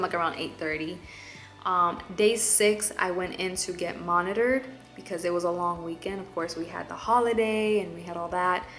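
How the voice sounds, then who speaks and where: Young woman, low-pitched, candid vlog chat, faint music underneath. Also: sharp tone. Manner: candid, chatty, many fillers. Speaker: vlogger. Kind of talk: casual chat.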